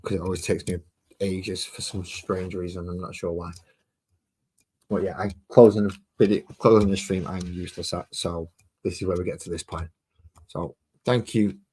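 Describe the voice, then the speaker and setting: A man with a slightly low voice and a Manchester accent, talking in a loose, rambling way. He chats easily to his stream audience as he works through a painting session. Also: steady tone, normal speed, dark tone, husky. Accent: Mancunian. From Manchester, England. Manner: rambling and chatty while working. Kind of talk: casual live-stream chat.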